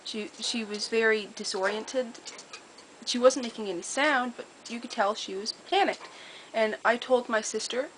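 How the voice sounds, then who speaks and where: A woman telling a personal story in a casual, earnest way, detailed and steady, with small repeated restarts. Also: fairly high pitch, normal speed, slight background noise, low-quality recording. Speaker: storyteller sharing a personal memory.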